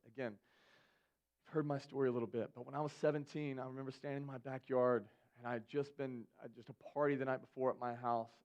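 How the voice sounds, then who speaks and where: Young male youth pastor, casual animated sermon delivery, mid pitch, slightly muffled sound.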